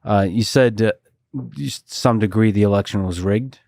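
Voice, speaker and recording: A man hosting an interview, asking short, measured questions. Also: fairly low pitch, creaky, a little mellow. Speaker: podcast host.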